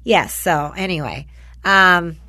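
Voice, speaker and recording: A woman's voice: on the low side, expressive, takes it slowly, bright, forceful tone, no echo. A woman in casual chat with a friend, rambling through a story about her son and acting out what people said. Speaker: parent chatting with a friend.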